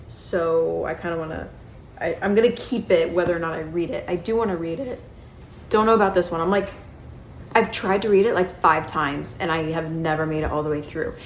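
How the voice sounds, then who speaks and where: Recorded in an echoey bedroom with slight background noise, this young woman's voice is medium in pitch. She's a book vlogger talking about her books in a chatty, self-deprecating ramble full of "um" and "like."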